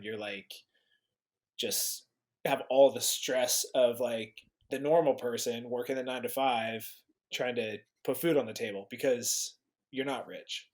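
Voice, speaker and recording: A man's voice: medium pitch, fairly even intonation, measured pace. A man who is a guest on a podcast, talking casually and thoughtfully, often starting his sentences over. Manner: thoughtful, hesitant, restarts sentences.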